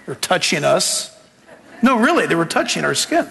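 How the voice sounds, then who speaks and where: A man preaching a sermon as pastor, telling a story with humor and animated delivery, rising to shouts. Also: on the high side, moderate pace, creaky. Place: church sanctuary. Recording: long reverb of a large hall.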